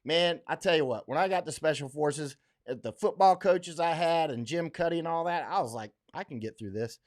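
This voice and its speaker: A man's voice: fairly high pitch, brisk. A middle-aged man from Florida hosting a casual livestream, rambling with many fillers and restarts, blunt and emphatic as he reads viewer comments. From Florida, USA. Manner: blunt, emphatic, laughs often.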